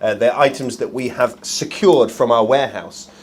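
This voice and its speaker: A man's voice: mid-range voice, moderate pace, slight background noise. A man hosting a live shopping show, chatty and jokey with plenty of ums.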